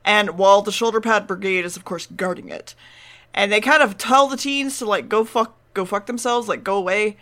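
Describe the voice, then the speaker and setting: A woman co-hosts a podcast in a mid-range, fairly bright voice at a moderate pace. She casually recaps an episode, laughing and swearing now and then.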